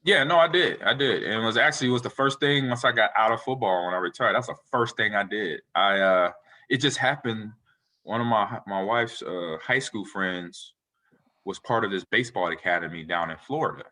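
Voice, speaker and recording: Deep, bright-toned man telling stories. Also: fairly quick. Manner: animated, rambling storyteller who acts out quotes. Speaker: interview guest, retired football player. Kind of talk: casual interview storytelling.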